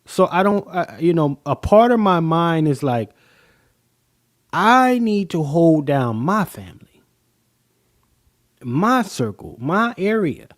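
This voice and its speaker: A man hosts a live stream in a casual, profane manner, talking right to his viewers. His pitch sits a little high and swings widely as he reacts. The sound is dry and close, with no room around it. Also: slow, long pauses, no echo. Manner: animated and profane, addressing viewers directly. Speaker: host of a live-stream talk show.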